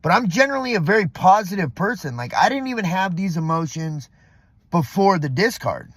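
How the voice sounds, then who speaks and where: Middle-aged man, slightly raised pitch, loose profane vlog rant packed with fillers. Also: big pitch swings, fairly quick, a bit bright, no room sound, studio quality. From Southern California. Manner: rambling, profane, heavy use of fillers. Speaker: vlogger. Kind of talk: casual vlog monologue. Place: parking lot.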